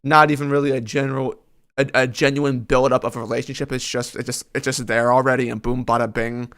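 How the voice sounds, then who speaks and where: Gravelly-voiced man giving sarcastic commentary. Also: mid-range voice, flat delivery, quick pace, a bit bright. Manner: sarcastic, critical, reads dialogue aloud. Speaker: streamer reacting to a comic chapter. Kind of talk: live reading reaction and commentary.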